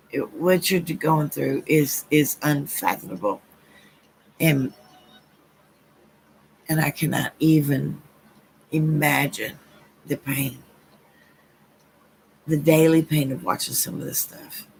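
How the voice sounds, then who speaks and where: A woman's voice: deep voice, slow pace, creaky, long pauses, a little mellow, a little hiss or hum, low-quality recording. A woman with a Southern US accent giving a live-stream card reading to her chat, earnest and blunt, repeating phrases and calling people honey and baby. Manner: gushing, calls listeners honey and baby. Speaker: psychic card reader.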